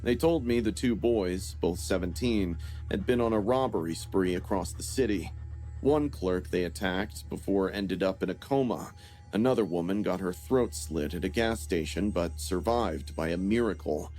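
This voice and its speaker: A man giving a scripted first-person horror narration in a steady, grim storytelling manner. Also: deep voice, moderate pace, soft background music.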